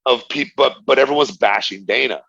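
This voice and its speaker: A man's voice: medium pitch, brisk, gravelly, lo-fi sound, a crowd in the background. A middle-aged man, a former fighter, telling stories animatedly in an interview, acting out the dialogue and laughing often. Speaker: interview guest, retired fighter. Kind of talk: casual storytelling interview.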